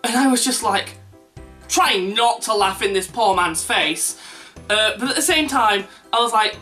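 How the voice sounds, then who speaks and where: A young man recounts an awkward encounter in a casual vlog, poking fun at himself as he goes. His voice is bright and his pitch swings widely with every punchline. He sits back from the mic, and soft music plays underneath. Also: unhurried. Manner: animated, self-mocking, laughs at own jokes. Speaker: vlogger. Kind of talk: casual anecdote storytelling. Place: indoors at home. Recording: distant mic with faint background music.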